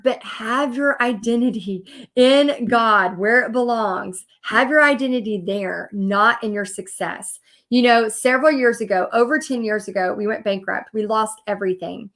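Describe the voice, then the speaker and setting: A woman in her thirties talks straight to her viewers over a live video, her voice sitting a little high. She rambles warmly through a personal story, filling it with "like" and "you know" and acting out what people said. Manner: chatty, animated storytelling with many fillers. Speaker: business coach. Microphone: computer or phone mic on a live video.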